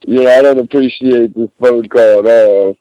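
A man's voice: mid-range voice, steady tone, moderate pace, mellow, no echo, highs cut off. A man on the receiving end of a prank call who turns angry and threatening.

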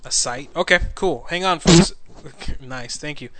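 A man's voice: fairly high pitch, unhurried, background noise. A man hosting a radio show, chatting in a loose, joking way and sounding tired. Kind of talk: casual on-air chat.

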